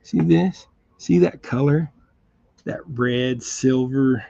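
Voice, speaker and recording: A man's voice: medium pitch, takes it slowly, creaky, mellow, no echo. A man hosting a casual jig-tying chat at his bench indoors, rambling and laid-back, laughing often. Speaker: fly and jig tier, channel host. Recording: dull lo-fi dry sound.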